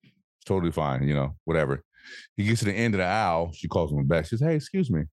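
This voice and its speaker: A man co-hosting a podcast in casual chat, animated and swearing freely, acting out voices as he tells stories. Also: deep voice, fast talker, dry recording, studio quality. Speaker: podcast co-host.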